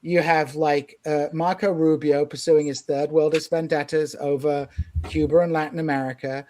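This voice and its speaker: A man hosting a casual political discussion podcast, talking in animated, opinionated bursts. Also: a little high, moderate pace. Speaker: podcast host.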